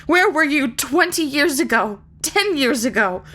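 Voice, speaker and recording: A shrill, scolding woman, bitter and worn down by hard years, as a woman reader puts her on. She cries out high and loud, with her words spilling over in a rush. It is a storybook voice with faint background noise. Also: animated, measured pace. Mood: furious. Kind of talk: audiobook character reading.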